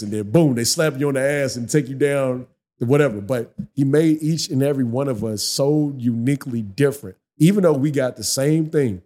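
Man, barber guest on a podcast, animated motivational storyteller with a loose, profane, preachy delivery, recorded in a barbershop. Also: mid-range voice, a little fast, few pauses. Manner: animated, preachy storyteller who swears freely. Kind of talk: casual podcast conversation.

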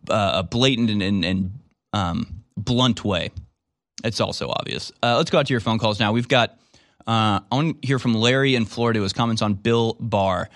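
A man's voice: medium pitch, a bit bright, dry recording. A man hosting a political talk radio show, delivering a sarcastic monologue and mocking his opponents. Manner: sarcastic, mocks opponents in put-on quotes.

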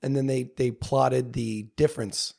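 A man's voice: medium pitch, steady tone, vocal fry, darkish tone. A young man co-hosting a podcast, explaining things in casual chat, stopping and restarting as he searches for words. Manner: explains haltingly, many fillers and restarts. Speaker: podcast co-host.

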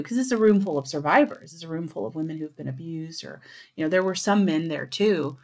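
A woman's voice: low voice, expressive, brisk, darkish tone. Candid, earnest woman in casual chat.

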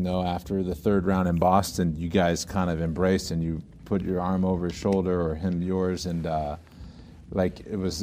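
A man's voice: sits low, dark tone. A man interviewing a fighter, asking questions and giving short affirmations. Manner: brief affirmations, attentive. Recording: faint background noise.

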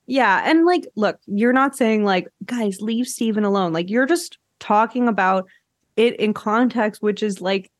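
A woman's voice: mid-range voice, a little slow, no echo. Chatty woman from Canada, dry sound. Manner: chatty, laughs often, many "like" fillers. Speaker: podcast host. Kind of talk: casual chat.

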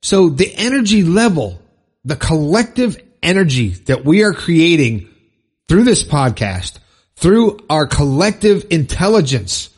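A man hosting a podcast, fired up and preachy, repeating phrases for emphasis in a husky voice. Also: on the high side, very animated, unhurried. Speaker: podcast host. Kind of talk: impassioned motivational monologue.

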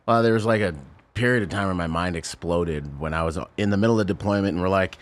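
Low-voiced man telling war stories. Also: fast. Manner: intense storytelling, acts out quoted voices. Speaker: guest, Marine veteran. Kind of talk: casual podcast conversation.

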